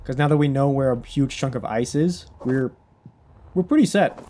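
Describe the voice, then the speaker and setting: A man's voice: medium pitch, moderate pace, dark tone, a little hiss or hum. A young man chatting casually while live-streaming a game, rambling, restarting his sentences and laughing often.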